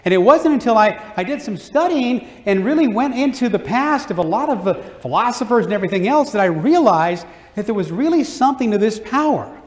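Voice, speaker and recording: A man's voice: high voice, lively intonation, brisk, hardly any pauses. A man giving an enthusiastic keynote speech, encouraging the audience directly. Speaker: motivational speaker. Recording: live hall with long reverb.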